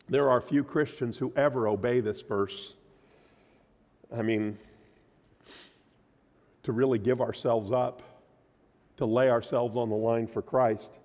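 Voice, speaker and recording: A man preaching a sermon as pastor, emphatic, his voice swinging from loud declarations to quiet, low lines. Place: church sanctuary. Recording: long hall reverb.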